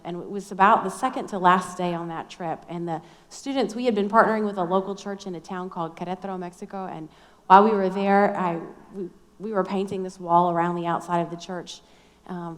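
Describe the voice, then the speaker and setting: A woman's voice: fairly low pitch, steady tone, brisk. A middle-aged woman telling a personal story in a chatty, self-deprecating way at a Christian conference. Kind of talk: storytelling sermon talk. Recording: long hall reverb.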